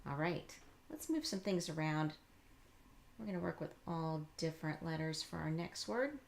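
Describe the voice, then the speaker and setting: A woman reading teacher giving a patient, encouraging lesson, slowly modeling letter sounds and explaining each step. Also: sits low, lively intonation, creaky. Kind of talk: instructional demonstration.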